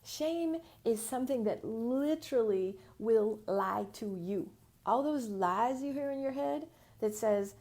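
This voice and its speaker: Casting: American woman mentor, frank and feisty, higher voice with gravel in it, casual live teaching. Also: expressive, takes it slowly, mellow. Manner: frank, feisty, uses slang and swearing. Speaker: business mentor.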